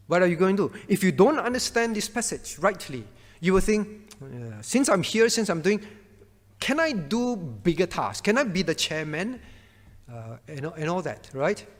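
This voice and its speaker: In a big-sounding room, a man with a high voice teaches a Bible class as pastor. He quizzes his students by name and drives his point home through repetition.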